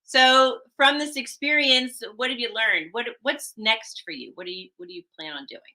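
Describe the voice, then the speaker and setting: A woman's voice: on the high side, normal speed, bright, forceful tone, low-quality recording. A woman hosting an interview, encouraging her guest and laughing along with her. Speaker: interview host.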